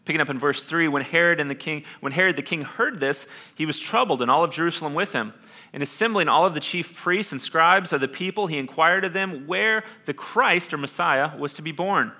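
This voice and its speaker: Pastor guy giving a sermon, gravelly edge, swings from quiet to punchy. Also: on the high side, a little fast. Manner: shifts between soft hushed lines and loud emphatic bursts.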